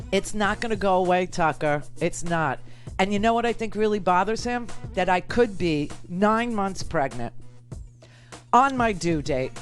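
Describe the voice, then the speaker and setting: Sarcastic combative talk radio woman. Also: medium pitch. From United States. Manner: sarcastic, combative, laughs often. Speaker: radio talk show host. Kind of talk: political talk radio commentary.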